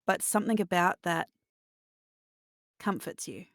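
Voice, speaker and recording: A woman narrating a tabletop game as game master in an immersive second-person style, pausing and restarting as she searches for words. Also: on the low side, lively intonation, no room sound, studio quality.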